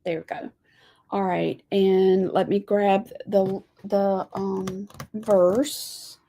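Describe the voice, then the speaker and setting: Woman host for a live lettering lesson; gravelly, slow, friendly chatter to viewers. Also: medium pitch, level tone, warm tone. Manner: chatty, folksy, says y'all. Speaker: lettering teacher. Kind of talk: live-streamed craft lesson.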